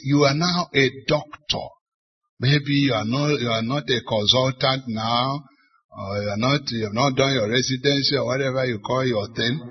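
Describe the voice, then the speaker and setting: A middle-aged man with a Nigerian accent preaches to church leaders. His slightly husky voice pushes hard on key words with sudden loud bursts, and he keeps firing rhetorical questions at the congregation. The recording is dull and lo-fi, with muffled highs. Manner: bursts into loud, forceful stresses. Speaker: bishop.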